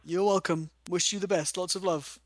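Gentle man, slightly high voice. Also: fairly even intonation, moderate pace, no echo. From United Kingdom. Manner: gentle, reassuring, enthusiastic about people. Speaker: guest advisor, reader. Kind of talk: casual chat.

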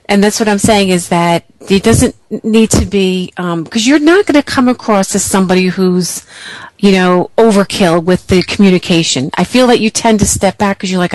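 A woman's voice: mid-range voice, moderate pace, darkish tone, no echo, rough recording. A woman psychic reader giving an encouraging intuitive reading to a caller, full of "you know" fillers.

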